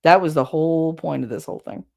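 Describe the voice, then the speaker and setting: A woman's voice: low voice, quick pace, vocal fry, dark tone. A woman hosting a livestream, talking casually and candidly with her chat, rambling and swearing now and then. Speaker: livestream host.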